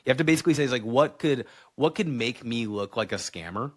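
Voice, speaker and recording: A man's voice: medium pitch, expressive, fast. Candid man talking shop on a podcast. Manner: candid, blunt, casual with lots of "like". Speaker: guest. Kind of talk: casual podcast chat.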